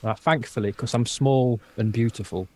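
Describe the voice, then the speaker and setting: A man's voice: mid-range voice, normal speed, darkish tone. A man playing a tabletop role-playing game, speaking casually with small hesitations. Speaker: player.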